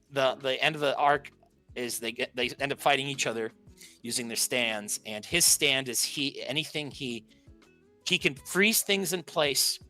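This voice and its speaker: A man telling anime stories on a podcast, with a bright, edgy voice and an animated, playful delivery. He acts out the characters' lines as he goes. Faint music plays underneath. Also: mid-range voice. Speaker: podcast co-host. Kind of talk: casual chat.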